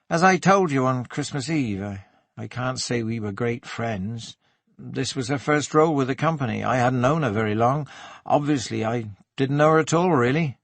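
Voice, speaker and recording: A man's voice: medium pitch, gravelly, no room sound. A man doing a wry, evasive theatre man. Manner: soft-spoken, wry, evasive. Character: gentle, evasive theatre man, stooped and artistic. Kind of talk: audiobook character voice.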